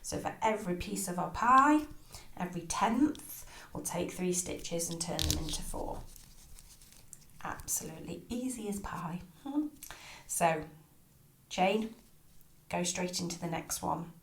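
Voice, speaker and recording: A woman teaching crochet step by step, chatty and soft, often murmuring her stitch counts. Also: lowish voice, lively intonation, measured pace, long pauses. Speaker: crochet tutor. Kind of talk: step-by-step craft tutorial. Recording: echoey room.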